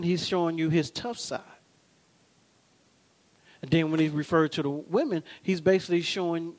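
A man preaching a sermon, animated and humorous, telling stories and often asking the congregation whether they follow him. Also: on the high side. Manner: humorous storytelling with laughs. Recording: long reverb of a large hall.

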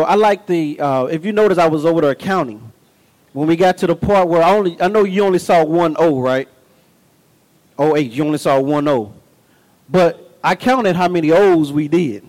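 A man preaching a sermon in an emphatic, repetitive way that builds to shouts. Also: fairly high pitch, long reverb tail, poor audio.

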